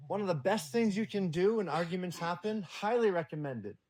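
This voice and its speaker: Man, guest on a podcast, a bit higher voice than most, swears freely and tells stories with gusto. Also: brisk. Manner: blunt and profane, lively storytelling. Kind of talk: casual podcast conversation.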